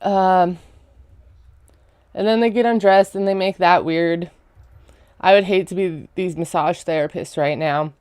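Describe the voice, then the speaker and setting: A woman's voice: on the low side, fairly even intonation, measured pace, pauses often, a little mellow, clean tone, dry recording, studio quality. A woman giving a casual, chatty recap of a reality show, full of sarcastic asides.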